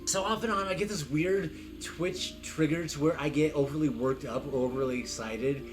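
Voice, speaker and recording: A man's voice: on the high side, normal speed, poor audio. A man from Arizona chatting casually on a stream beside the host, rambling off on long tangents. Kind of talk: casual live-stream chat. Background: game music.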